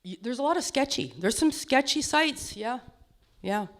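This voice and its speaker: A woman's voice: high-pitched, expressive, moderate pace. A middle-aged woman with a lisp doing a self-deprecating stand-up comedy set on stage, laughing at her own jokes. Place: small comedy stage before an audience.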